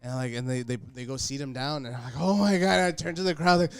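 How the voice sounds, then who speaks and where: A man telling a comedy story in casual podcast chat, animated, acting out the people in it and dropping in Spanish slang. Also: mid-range voice, fast, smooth, no room sound, clean studio sound. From Texas Rio Grande Valley. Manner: animated, acts out voices in his stories, mixes in Spanish slang. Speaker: comedian guest.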